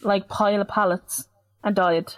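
A woman's voice: mid-range voice, normal speed. A young woman telling a story in casual chat, acting out what others said. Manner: animated storytelling, acts out quoted voices.

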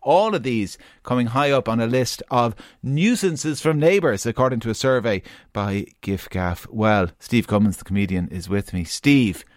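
Radio host guy, mid-pitch, brisk, very dry close mic. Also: expressive, no room sound. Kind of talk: radio interview.

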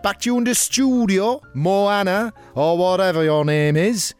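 A man's voice: sits high, a little slow, smooth, faint music behind. A man doing a grumbling Cork bloke. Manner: indignant, rambling local chatter. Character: gossipy Cork man writing in, peeved. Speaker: letter writer. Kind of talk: comic monologue.

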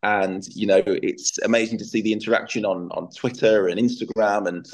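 A man's voice: lowish voice, fairly even intonation, a little fast, poor audio. A young man from England, a DJ and presenter chatting casually as an interview guest, rambling a little with fillers.

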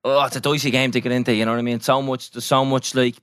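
A man with an Irish accent, co-hosting a podcast in casual chat and getting animated as he rants. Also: mid-range voice, quick pace, clean tone, no echo, clean studio sound. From Ireland. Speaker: podcast co-host.

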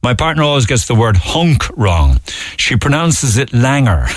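A man's voice: medium pitch, very animated, normal speed. Cork man hosting chatty radio. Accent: Cork Irish. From Ireland. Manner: chatty, amused, often laughing. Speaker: radio show host. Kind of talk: talk radio, reading listener texts. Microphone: studio microphone.

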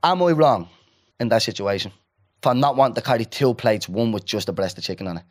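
Man telling an animated story. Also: medium pitch, a little fast. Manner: animated storyteller, acts out quoted people. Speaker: podcast co-host. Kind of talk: casual chat.

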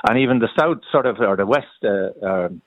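A man with a Sligo Irish accent, calling into a radio phone-in and talking in a relaxed, wry, good-humoured way. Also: fairly low pitch, fairly quick, slight background noise. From Sligo, Ireland. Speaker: caller. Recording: tinny phone line.

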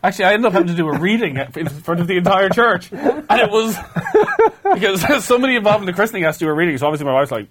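Male podcast co-host, high and very animated, a giggly storyteller. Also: rapid-fire. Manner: animated storyteller, laughing through his own story. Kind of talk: casual chat, telling a funny story.

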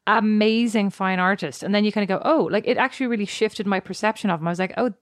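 An Irish woman in her thirties, co-hosting a podcast in casual chat, telling stories with animated self-mockery. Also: medium pitch, fast, dry recording, studio quality. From Ireland. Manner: animated, storytelling, self-mocking. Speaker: podcast co-host.

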